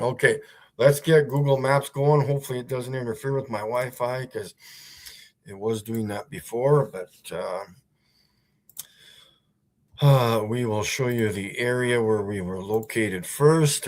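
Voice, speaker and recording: A male streamer talks at a slow, unhurried pace in a middle-pitched voice. He rambles with frequent fillers and has a sarcastic edge. He often tags his points with asides to the viewers. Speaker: livestream host. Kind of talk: casual livestream commentary.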